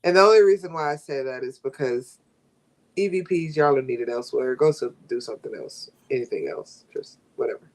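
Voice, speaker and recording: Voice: mid-range voice, lively intonation, brisk. A podcast co-host in casual wrestling chat, sassy with joking asides.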